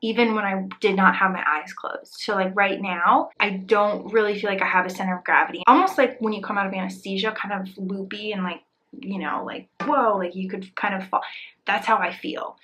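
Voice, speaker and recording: A woman's voice: mid-range voice, fairly even intonation, brisk, a little hiss or hum, rough recording. Breathless twenty-something woman vlogging from bed. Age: 20s. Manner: chatty, candid, drops into soft whispers. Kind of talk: casual health vlog. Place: bedroom in an apartment.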